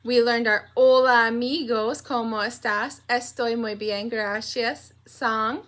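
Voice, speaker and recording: A young woman teaching a pre-K morning meeting, talking gently and in a sing-song way to small children. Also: on the high side, steady tone. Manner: slow, gentle and sing-song, breaking into cheerful songs.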